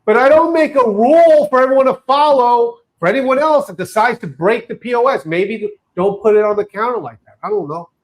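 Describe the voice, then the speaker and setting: A man with a rather high voice co-hosts a loose talk show. He jokes, laughs at his own lines and keeps hammering the same point in playful argument. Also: brisk, hardly any pauses. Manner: joking, laughing, repeats points insistently. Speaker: co-host. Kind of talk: casual comedic banter.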